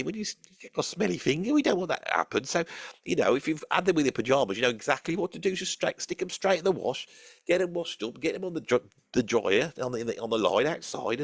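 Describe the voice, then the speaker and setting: A man's voice: fairly high pitch, gravelly, dry recording, clean studio sound, exaggerated voice. A man playing a rambling, foul-mouthed old rock fan from Birmingham, speaking with a Birmingham accent and repeating himself with chummy asides to his listeners. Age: older. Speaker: channel host in character. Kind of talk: comic character monologue.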